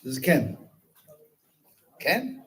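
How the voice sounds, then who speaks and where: A male rabbi telling a story at a Chassidic gathering, animated, with Hebrew words dropped into his English. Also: on the high side, drawn-out words, low-quality recording.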